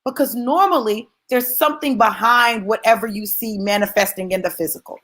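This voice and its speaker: A woman's voice: a little high, a little fast, a bit bright. A woman giving a motivational talk, speaking emphatically and conversationally straight to her listeners and repeating key phrases for stress. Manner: conversational, addresses listeners directly.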